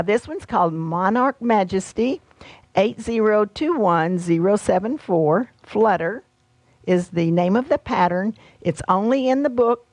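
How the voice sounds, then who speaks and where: A woman's voice: medium pitch, a little mellow, no room sound. A middle-aged woman presenting her quilt patterns and fabrics in a chatty, homey way, with fillers and friendly asides. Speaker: quilt designer and shop host. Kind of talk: casual product walkthrough.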